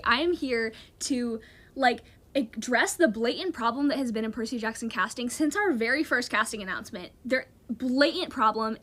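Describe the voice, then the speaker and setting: A woman with a strikingly high voice delivers a theatrical, mock-outraged rant to her followers. She sounds indignant on purpose, treating a trivial fan complaint like a grave injustice. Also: pushed and bright. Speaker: fan commenting on casting news.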